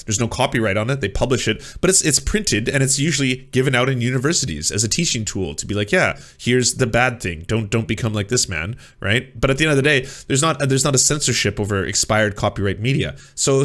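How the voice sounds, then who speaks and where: A man's voice: medium pitch, a bit bright. A young man hosting a reaction commentary, sarcastic and mocking, building to exasperated emphasis. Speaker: commentary channel host.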